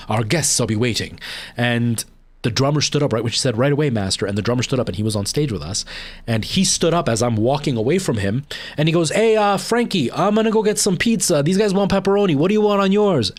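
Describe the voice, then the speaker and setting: A man chatting casually on a livestream while he games, rambling through a long story with many fillers and restarts. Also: fairly low pitch. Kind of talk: casual chat while gaming.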